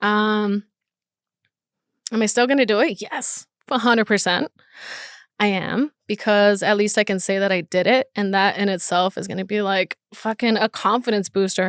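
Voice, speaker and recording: This is a young woman hosting a casual solo podcast. She talks openly, nervous and emotional, and swears without thinking. Her voice is smooth and clear, recorded dry and close with no room sound. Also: mid-range voice, fairly even intonation, moderate pace, no echo. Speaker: podcast host.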